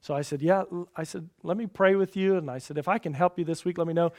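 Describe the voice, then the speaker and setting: A middle-aged man delivers a sermon from the pulpit in a fairly high voice. He preaches in a folksy, storytelling way, rising to loud emphatic lists and then dropping to quiet, personal asides. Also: fast. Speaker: pastor.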